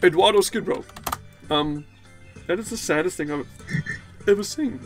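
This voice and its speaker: A man talks through his game in a loose, rambling stream of commentary, cursing and joking as he goes. His voice sits somewhat high and swings widely up and down. Faint game music plays underneath. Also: very animated, moderate pace, fairly bright tone. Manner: rambling, swearing, jokey. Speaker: gaming video host. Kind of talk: let's play commentary.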